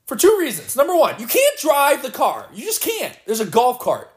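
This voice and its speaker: A man giving live gameplay commentary, excitable and playfully boastful as he trash-talks. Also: very high voice, moderate pace, reverberant. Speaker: gamer.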